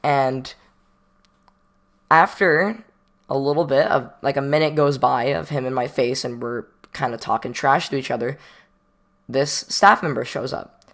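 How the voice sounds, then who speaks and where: A man's voice: medium pitch, steady tone, a little slow, creaky, long pauses, fairly bright tone. A guy spinning a casual storytime in a loose, rambling way. He leans on slang, stops to joke at his own expense, and acts out the quoted lines as he goes. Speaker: storytime vlogger.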